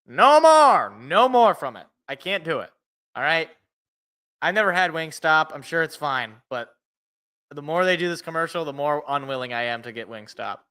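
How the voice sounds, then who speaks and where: A man's voice: a little high, moderate pace, pushed and bright, clean tone. A young man hosting a live sports reaction, mixing casual chat with his own play-by-play calls and often restarting his sentences. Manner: chatty, rambling, restarts mid-sentence.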